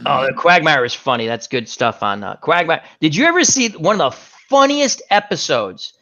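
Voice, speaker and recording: A man hosting a casual chat, retelling stories in an animated, joking way. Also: fairly high pitch, moderate pace, dull audio. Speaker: chat show host.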